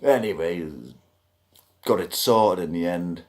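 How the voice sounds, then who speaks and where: A British-accented vlogger rants bluntly to camera, griping and swearing freely. His voice is low-pitched and his pace slow.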